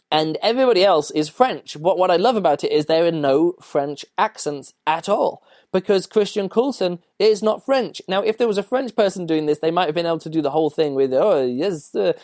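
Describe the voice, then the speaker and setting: A man's voice: on the high side, darkish tone, dry recording, clean studio sound. A man hosting a podcast, casually reviewing a book in a rambling way with many fillers and restarts. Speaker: podcast host.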